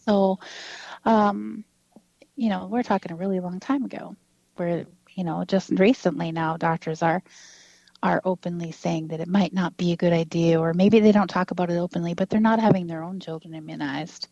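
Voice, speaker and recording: A woman's voice: lowish voice, steady tone, normal speed, gravelly, warm tone, no echo. A woman in her fifties telling a personal story in a casual interview, acting out quoted dialogue and laughing often. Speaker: guest. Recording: dull lo-fi dry recording.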